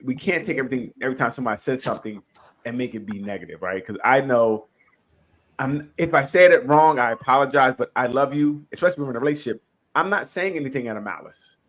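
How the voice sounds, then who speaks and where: A man co-hosting a casual group talk about relationships, animated and laughing, often repeating himself. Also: mid-range voice, fast. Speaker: podcast co-host.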